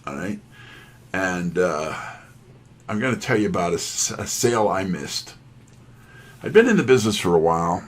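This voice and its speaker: A middle-aged man speaks in a deep, husky voice. He tells folksy, self-deprecating stories from his years as a sales trainer. His delivery is casual and conversational, with plenty of asides. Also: a bit bright. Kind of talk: storytelling talk.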